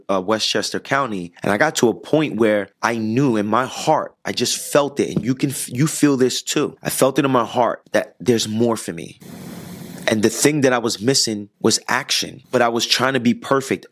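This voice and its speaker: Earnest low-voiced man giving a motivational talk. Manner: earnest, repeats key lines for emphasis; occasional stumbles and restarts. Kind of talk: motivational monologue.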